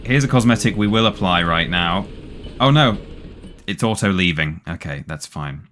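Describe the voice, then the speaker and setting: Low-voiced man casually streaming a game. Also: normal speed, fairly bright tone, a little hiss or hum. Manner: rambling, self-correcting, playful. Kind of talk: casual gameplay commentary.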